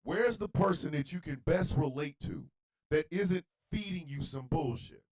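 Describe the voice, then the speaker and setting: A man hosting an internet radio show delivers a blunt, profanity-filled monologue rant, swinging between low muttering and shouting. The audio quality is poor.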